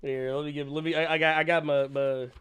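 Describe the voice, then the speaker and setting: A man's voice: on the high side, fairly quick, clear, resonant tone. A man co-hosting a casual live comic-book podcast, joking in AAVE and laughing often while reading viewer messages. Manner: laughs often, animated, slangy. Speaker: podcast co-host reading super chats. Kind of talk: casual comedic banter.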